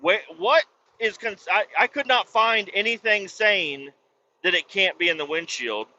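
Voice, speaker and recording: Casual male podcast host, profane and exasperated, rambling storyteller, slightly high bright voice. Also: animated, measured pace, muffled recording, a little hiss or hum.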